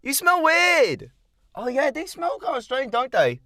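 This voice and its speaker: A man voicing a crowd of excitable young foster children, squeaky and shrill, gasping and shouting with glee. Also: a little slow, no room sound, clean studio sound, exaggerated voice. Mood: rude.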